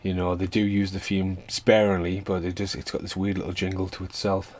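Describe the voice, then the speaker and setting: A man with a deep, low voice rambles through a casual film review. He swears freely and chuckles between points, with a loose, unscripted flow. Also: little pitch movement, a little fast, darkish tone, no echo.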